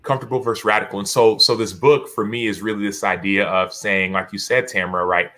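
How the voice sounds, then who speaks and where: Guy in his 30s on a podcast, bright tense voice, lively storyteller who acts out what people said. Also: fairly low pitch, fast talker. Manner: animated, acts out quotes, many restarts. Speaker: podcast guest, author. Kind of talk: storytelling in casual interview.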